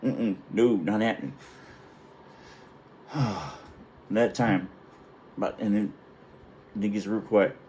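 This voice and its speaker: A man's voice: lowish voice, slow pace, long pauses, a little mellow, slight background noise, poor audio. A middle-aged man, a retired Navy chief, telling a wry and profane story in a casual, rambling way. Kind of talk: casual anecdote.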